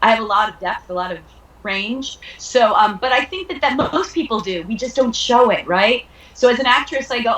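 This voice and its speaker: A woman from Long Island chats as a guest on an interview show, bubbly and playful, often breaking into laughs. Her voice sits fairly high, and the room around her rings with echo. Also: animated, moderate pace, a bit bright. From Long Island, New York. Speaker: guest actress. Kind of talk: casual interview chat.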